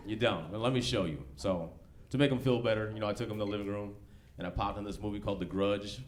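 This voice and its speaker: A man's voice: on the low side, fast talker. Slangy stand-up comic man. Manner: loose, slangy, conversational delivery. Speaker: stand-up comedian. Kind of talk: stand-up comedy set. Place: comedy club stage. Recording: live club recording, background noise.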